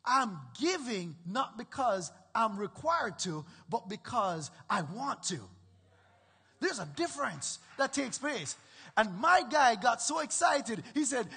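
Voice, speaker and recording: Male pastor, sermon, emphatic, repeats himself, husky, long reverb. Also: very high-pitched, pushed and bright. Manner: emphatic, repeats points, checks in with listeners.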